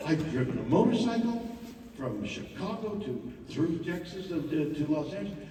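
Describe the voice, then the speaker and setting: A man giving a theatrical live monologue, swinging from hushed murmurs to loud outbursts, with halting repetitions. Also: on the high side, lively intonation, a little hiss or hum. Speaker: stage performer telling a personal story. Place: large theater. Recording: echoey hall, mic far off.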